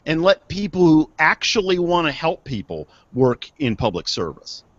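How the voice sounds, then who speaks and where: A man's voice: fairly high pitch, big pitch swings, normal speed, a bit bright, no room sound. A man co-hosting a casual news chat show, blunt and heated, often stumbling over his words. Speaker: co-host. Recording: dry, dull lo-fi studio sound.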